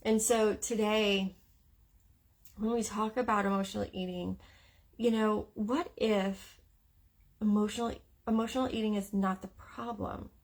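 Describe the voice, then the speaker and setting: A woman's voice: mid-range voice, steady tone, a little slow. A woman coach hosting a casual live stream, candid and a little emotional after crying, with frequent fillers. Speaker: eating psychology coach.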